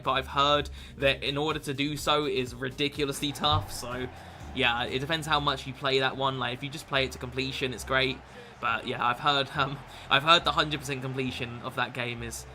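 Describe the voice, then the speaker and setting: A man's voice: medium pitch, steady tone, normal speed, sharp tone, a little hiss or hum. A British man in his twenties chatting casually and swearing freely while streaming a game late at night. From Britain. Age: 20s. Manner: rambling, swears a lot, laid-back chatter. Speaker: gaming streamer. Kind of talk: casual live-stream chat with game commentary.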